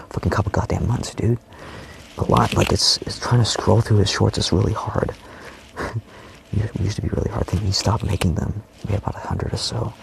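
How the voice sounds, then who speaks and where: A man's voice: on the low side, creaky, slight background noise. A young man talking in a rambling personal monologue, swearing constantly and often dropping his voice to a whisper. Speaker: vlogger.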